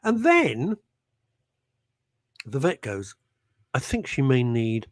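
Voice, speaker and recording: A man's voice: medium pitch, very animated, takes it slowly, no room sound. A middle-aged man hosting a radio show, rambling and self-mocking with jokey asides. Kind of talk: chatty live radio presenting.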